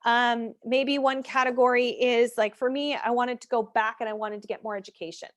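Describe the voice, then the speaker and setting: A woman's voice: a little high, fairly even intonation, normal speed. A woman fitness and nutrition coach speaking candidly over a video call, chatty with many fillers, leading an online workshop. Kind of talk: casual online workshop talk.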